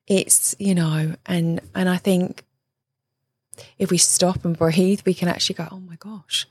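A woman's voice: fairly low pitch, fairly even intonation, measured pace, a little mellow, breathy edge, no echo. A British woman in her thirties, a relationship coach, talking earnestly as a guest with emphatic repeated phrases and tag questions. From Britain. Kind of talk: conversational interview.

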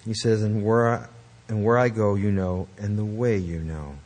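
A man's voice: fairly low pitch, fairly even intonation, moderate pace, darkish tone. A man preaching a sermon, emphatic and earnest, with conversational asides to the congregation. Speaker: pastor.

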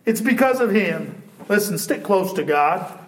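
High-voiced man preaching in an echoey church. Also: unhurried. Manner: animated preaching, swinging from loud to hushed. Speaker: pastor. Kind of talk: sermon.

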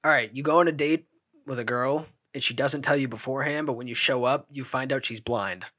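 A man's voice: medium pitch, a little fast, bright, forceful tone. A man co-hosting a casual podcast chat, laid back, posing hypothetical questions and laughing often. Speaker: podcast co-host.

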